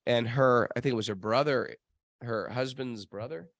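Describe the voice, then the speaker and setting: A man's voice: mid-range voice, normal speed, fairly bright tone, no room sound. A man hosting a podcast, telling stories in a casual, rambling way with lots of restarts and fillers. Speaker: podcast host. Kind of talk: casual storytelling chat. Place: travel spot near temples.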